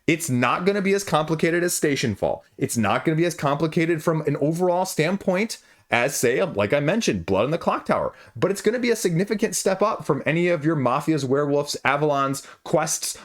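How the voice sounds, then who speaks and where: A man's voice: fairly high pitch, animated, fairly quick. A man reviewing a board game in a conversational way, asking rhetorical questions and making asides as he goes. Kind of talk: casual spoken review.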